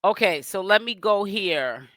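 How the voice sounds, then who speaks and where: A man's voice: high voice, expressive, a little slow, pushed and bright, no echo. A man from Boston hosting a casual livestream, chatting directly with viewers and guests. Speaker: livestream host.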